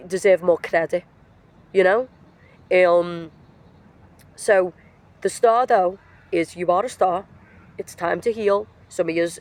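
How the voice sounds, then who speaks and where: A woman talks her way through a motivational tarot reading out in nature, her voice roughened by illness. She speaks bluntly and emphatically, slipping into casual slang as she presses her points. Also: fairly low pitch, darkish tone. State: sick, voice affected. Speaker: tarot reader. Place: outdoors in nature.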